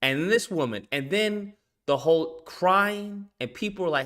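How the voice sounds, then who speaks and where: A man's voice: high-pitched, normal speed, few pauses. A man hosting a casual chat, telling a story with emphasis and acting out what others said. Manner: animated, emphatic storyteller who acts out quotes. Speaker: show host.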